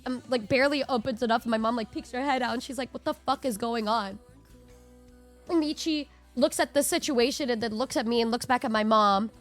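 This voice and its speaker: High-voiced young woman telling a story. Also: quick pace, hardly any pauses, faint music behind. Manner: animated, swears, acts out quotes. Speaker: streamer. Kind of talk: casual storytelling to chat.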